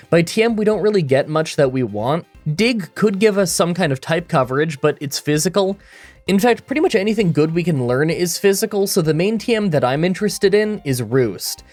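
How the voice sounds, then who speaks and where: A man reading scripted voice-over commentary for a game challenge video, with a groggy morning voice, a stuffy nasal sound and dry self-mocking humor, recorded in a booth. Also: fairly high pitch. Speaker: gaming YouTuber.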